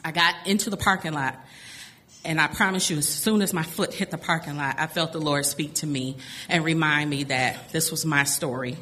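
Bright-voiced middle-aged woman storyteller. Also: low voice, normal speed. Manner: animated, laughs often between lines. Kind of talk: live personal storytelling.

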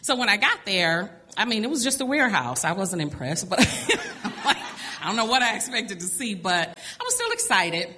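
A middle-aged woman telling a personal story to an audience, animated and laughing often between lines. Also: mid-range voice, normal speed, a little hiss or hum.

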